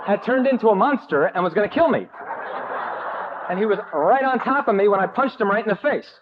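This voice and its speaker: Man from New Jersey with a slightly high voice, sharing his recovery story with a room in a halting, wisecracking way. Thin, phone-like tape. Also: sing-song. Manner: halting, self-mocking, joking. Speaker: speaker at a recovery meeting. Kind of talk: personal recovery story told to a crowd.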